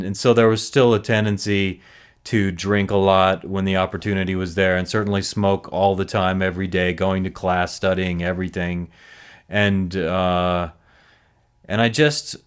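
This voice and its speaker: Low-voiced man reflecting on recovery. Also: steady tone, measured pace, clear, resonant tone. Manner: earnest, self-reflective, frequent restarts. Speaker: recovery podcast host. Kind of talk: solo reflective monologue.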